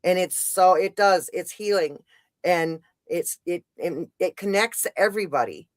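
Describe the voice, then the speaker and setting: A woman's voice: lowish voice, a little slow, dry recording. Gushing woman podcast host, dry sound. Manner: gushing, enthusiastic, rambling with restarts. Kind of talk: casual interview chat.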